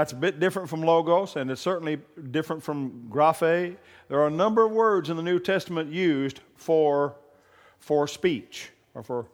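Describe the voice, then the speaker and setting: A man preaching a sermon as pastor, moving from low conversational talk to loud, fervent preaching. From raised on a farm. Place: church hall. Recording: long reverb of a church hall.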